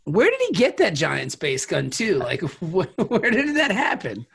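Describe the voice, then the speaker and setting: A man's voice: sits high, wildly swooping pitch, a little slow, vocal fry, fairly bright tone, slight background noise. A man co-hosting a podcast in casual chat, joking around and slipping into mock voices. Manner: jokey, slips into mock voices. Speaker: podcast co-host.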